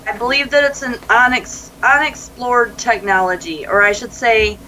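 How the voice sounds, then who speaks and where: A woman's voice: a little high, moderate pace, a little hiss or hum, low-quality recording. A woman speaking as a life coach in an interview, telling stories animatedly and acting out quoted dialogue. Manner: animated storyteller who acts out quoted dialogue and laughs easily. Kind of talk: conversational interview.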